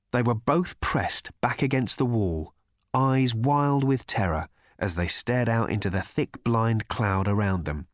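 A man narrating an audiobook with expressive comic timing. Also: fairly low pitch, dry recording, clean studio sound. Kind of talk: scripted narration.

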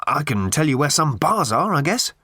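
A man voicing a laid-back male alien drifter who gives offhand, wry answers in a raised, lively voice. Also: a little high, moderate pace, breathy edge, dry recording, clean studio sound, pitched above the performer's own voice, exaggerated voice.

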